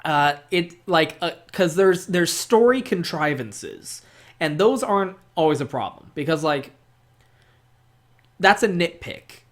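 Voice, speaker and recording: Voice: mid-range voice, lively intonation, a little slow. A gaming video host rambling through a casual, unscripted monologue about a game, swearing freely and restarting sentences, with "like" throughout.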